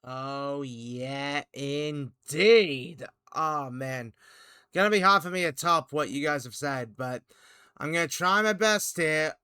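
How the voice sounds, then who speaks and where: A man co-hosting a casual podcast, talking in a measured, earnest way. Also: a little high, pushed and bright, clear, resonant tone, no room sound, studio quality. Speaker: podcast co-host.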